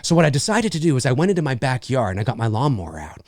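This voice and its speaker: A man's voice: medium pitch, very fast, dry recording, clean studio sound. A man in his forties hosting a casual vlog, ranting comically and swearing freely to the camera. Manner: animated, profane, comically ranting. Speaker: YouTube host.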